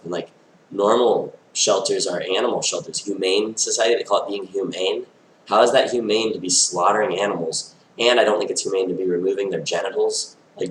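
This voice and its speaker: A man's voice: sits low, echoey room, slight background noise, rough recording. A man talking to camera in a rambling, stream-of-consciousness monologue, full of "like" and loose tangents. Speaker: vlogger.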